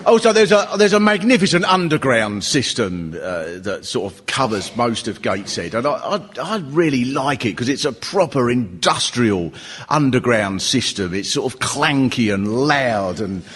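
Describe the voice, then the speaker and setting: Animated male stand-up comic in an echoey hall. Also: medium pitch, normal speed, husky. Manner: chatty, animated observational storytelling. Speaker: stand-up comedian and host. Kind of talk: live stand-up comedy. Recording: reverberant live hall.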